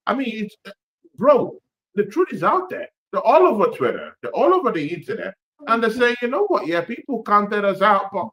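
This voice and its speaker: A man's voice: high-pitched, bright, forceful tone. A man co-hosting a casual football podcast, talking in slangy, stumbling bursts. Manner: stumbling, slangy, says bro and brother.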